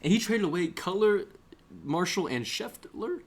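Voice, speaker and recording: A young man co-hosting a casual podcast, rambling and joking as he tells animated stories. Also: high voice, moderate pace. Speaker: podcast co-host. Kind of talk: casual chat. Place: small room.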